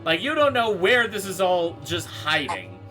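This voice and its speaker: Bright-voiced man running the game. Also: sits high, wildly swooping pitch, unhurried, faint music behind. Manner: loose, rambling, full of fillers. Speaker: game master. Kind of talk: narrating a tabletop game.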